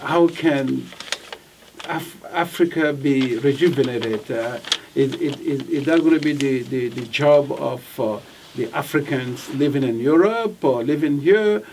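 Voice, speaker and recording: A man's voice: mid-range voice, measured pace, few pauses, darkish tone, slight background noise. A man interpreting in an interview, relaying questions between the others with hesitant fillers and repeated words. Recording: voice picked up from a distance.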